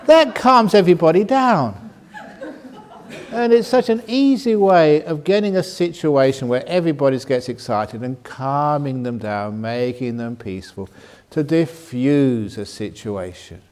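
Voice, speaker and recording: Gently humorous monk with lively pitch. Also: male voice. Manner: gently humorous, laughs at his own jokes; slows and softens to show calm speech. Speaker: Buddhist monk teacher. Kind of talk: dharma Q&A talk at a retreat. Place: meditation retreat centre.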